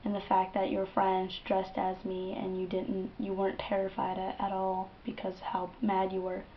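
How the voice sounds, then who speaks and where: A young woman quoting a calm, faceless male creature in a quiet, even voice while retelling a dream. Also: medium pitch, moderate pace, muffled recording, slight background noise, natural voice.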